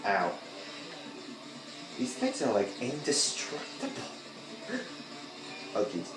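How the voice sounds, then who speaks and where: Man, unhurried delivery, rambling jokey gameplay chatter, echoey room, game music behind. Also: medium pitch, wildly swooping pitch. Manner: rambling, joking, with sudden loud outbursts. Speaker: gameplay video host. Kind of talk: casual gameplay commentary.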